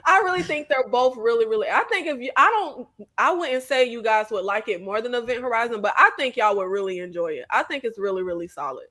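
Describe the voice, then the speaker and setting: A woman hosting a casual chat, animated and quick to laugh. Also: fairly high pitch. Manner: animated, laughs often, playful exclamations. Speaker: host.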